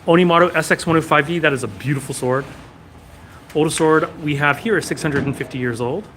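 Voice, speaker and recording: A man's voice: a little high, a little fast, a bit bright, slight background noise. A man hosting a casual live stream from a sword shop, reading viewer comments and answering them one after another.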